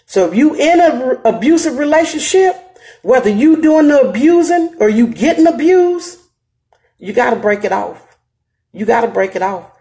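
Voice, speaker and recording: A woman's voice: high voice, very animated, moderate pace, dark tone. A middle-aged woman with an African American Vernacular English accent, hosting a live stream and giving earnest advice straight to her viewers, emphatic and repeating her phrases.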